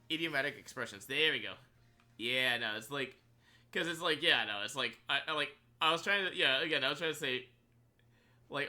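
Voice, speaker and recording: Guy streaming a game, super bright tense voice, rambles with lots of likes, laughs a bunch. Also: mid-range voice, brisk. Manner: rambling, filler-heavy, laughs often. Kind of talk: casual live-stream chat while gaming.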